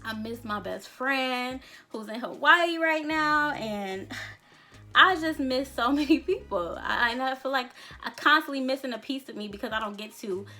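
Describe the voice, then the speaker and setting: A woman's voice: high voice, expressive, moderate pace, pushed and bright, soft background music. A woman in her thirties talking candidly to her viewers in a casual, reflective vlog, rambling a little, laughing often and swearing casually. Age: 30s. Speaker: vlogger, songwriter. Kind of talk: casual reflective chat to camera.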